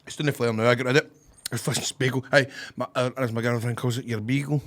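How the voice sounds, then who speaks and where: A man's voice: medium pitch, level tone, fast talker, a bit bright. A man with a Glasgow accent, co-hosting a podcast in casual, rambling banter, swearing and laughing. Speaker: podcast co-host.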